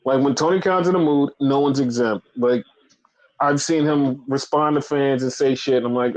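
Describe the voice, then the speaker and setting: A man's voice: mid-range voice, normal speed, poor audio. A man co-hosting a casual wrestling podcast, ranting with lots of swearing and repetition. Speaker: podcast co-host.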